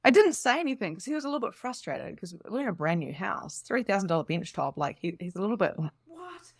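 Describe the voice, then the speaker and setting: A woman speaking as a spiritual coach in a casual, rambling monologue, animated and laughing often. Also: lowish voice, fast, no room sound, clean studio sound. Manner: animated and enthusiastic.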